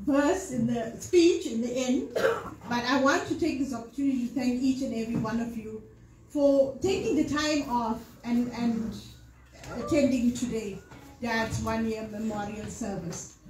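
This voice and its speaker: A woman's voice: on the high side, darkish tone, a little hiss or hum. A middle-aged woman from Africa, giving an earnest, emotional memorial speech for her father in a temple hall. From South Africa. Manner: emotional, earnest, carefully measured delivery. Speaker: daughter giving a eulogy. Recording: echoey hall sound.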